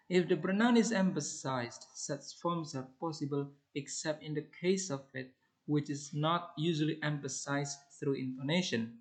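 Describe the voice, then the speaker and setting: A man reading a grammar lesson aloud as an English teacher, in a measured, deliberate way. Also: fairly high pitch, poor audio.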